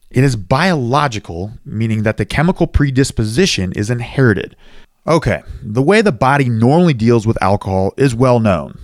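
A man's voice: mid-range voice, no echo, studio quality. A man in his thirties hosting his own recovery podcast, explaining things earnestly and dropping in self-deprecating asides. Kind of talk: solo podcast monologue.

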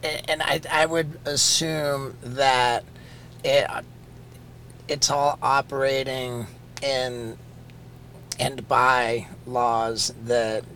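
A man hosting a podcast who chats casually and poses loose, drawn-out questions. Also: medium pitch, level tone, pushed and bright, slight background noise. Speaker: podcast host. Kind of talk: casual interview chat.

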